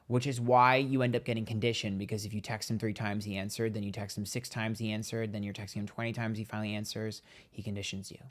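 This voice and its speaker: A man's voice: on the low side, level tone, fast, few pauses. Chatty gossipy man on a livestream. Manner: chatty and gossipy, acts out quotes, reads donations aloud. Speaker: psychic tarot livestream host. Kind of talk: casual livestream storytelling.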